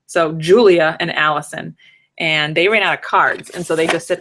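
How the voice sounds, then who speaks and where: A chatty woman in her thirties talks straight to her webcam from a room at home. Her voice sits a little low but sounds bright and forward. She rambles casually, throwing in jokes and asides as she goes. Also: fairly even intonation, normal speed, a little hiss or hum. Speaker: vlogger giving conference tips. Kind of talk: casual live-stream chat. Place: home, third floor room.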